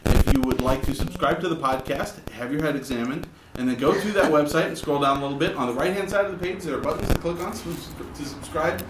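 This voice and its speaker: A man hosting a comedy podcast, joking in a dry, deadpan way while running through promos. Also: on the high side. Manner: jokey, deadpan, reads promos briskly. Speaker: podcast host. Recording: roomy with faint hiss.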